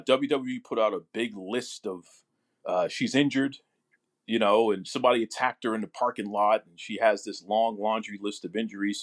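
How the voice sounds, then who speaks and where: A man hosting a wrestling podcast, talking eagerly as a fan and often restarting his words. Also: on the low side. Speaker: podcast host. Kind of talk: casual podcast chat.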